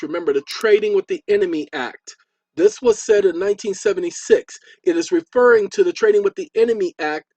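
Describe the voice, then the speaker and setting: A man's voice: high voice, no echo, lo-fi sound. A man hosting his own channel, lecturing viewers in a chatty way and repeating points for emphasis while he types. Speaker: channel host.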